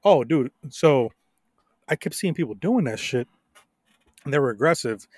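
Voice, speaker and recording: A young adult man co-hosting a podcast, telling stories in a casual, profane, animated way with frequent laughs. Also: medium pitch, normal speed, slightly rough, dry recording, clean studio sound. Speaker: podcast co-host.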